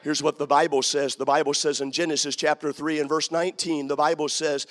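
A man preaching a sermon, telling a story that builds into fervent shouting. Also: a little high, steady tone, fairly quick, hardly any pauses, long reverb tail.

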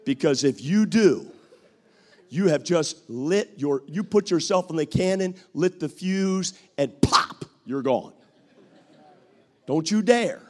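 A male preacher delivering a dramatic sermon, acting out quoted voices and swinging from loud to hushed. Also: on the high side.

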